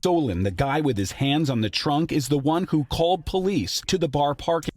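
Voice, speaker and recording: A man reporting as a TV news reporter in a measured, formal, scripted way. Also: a little high, animated, darkish tone, dry recording, clean studio sound.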